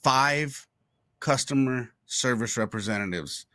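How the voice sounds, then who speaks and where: A man's voice: medium pitch, unhurried, bright, forceful tone, no room sound, clean studio sound. A man co-hosting a comedy stream, ranting profanely and heatedly about a phone call, laughing as he goes. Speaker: comedian co-host. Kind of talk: casual live-stream banter.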